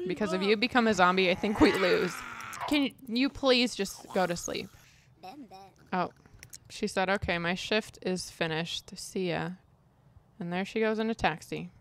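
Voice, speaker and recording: A woman's voice: mid-range voice, fairly bright tone. A woman giving casual, chatty gameplay commentary as a streamer, exasperated and swearing lightly. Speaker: gaming streamer.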